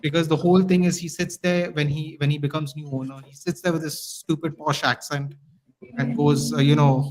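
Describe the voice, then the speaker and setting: Male podcast guest, fired-up casual rant, slightly higher voice. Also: normal speed, crowd noise, low-quality recording. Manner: animated ranting. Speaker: guest fan commentator.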